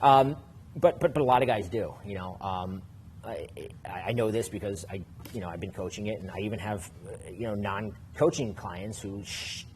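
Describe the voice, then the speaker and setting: A man's voice: lowish voice, moderate pace, a little mellow, slight background noise. A man who works as a dating coach, explaining casually on a podcast with many fillers and restarts.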